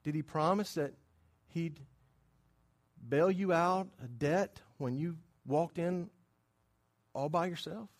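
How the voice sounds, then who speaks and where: A man delivers a sermon with a notably high voice. He talks with his congregation more than at them, checking in with quick questions. He drops to near whispers, then climbs into loud, emphatic bursts. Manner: conversational preaching, quizzing the congregation; swings between hushed asides and loud emphatic bursts. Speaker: pastor.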